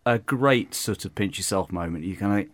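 A man's voice: fairly low pitch, moderate pace, fairly bright tone, no room sound. An English man, a guest actor, chatting modestly and rambling with restarts. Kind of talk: casual chat.

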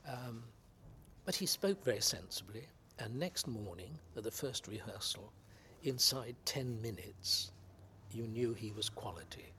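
An older man from England's West Country, an actor guest reminiscing in unhurried anecdotes about his career. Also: medium pitch, lively intonation, pushed and bright, slight background noise. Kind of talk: reminiscing interview.

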